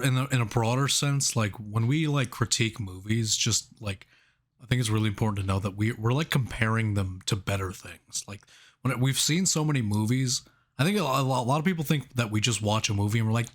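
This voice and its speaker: A man's voice: mid-range voice, brisk. A man co-hosting a casual movie review podcast, laughing often and rambling through his points with restarts. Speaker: podcast co-host.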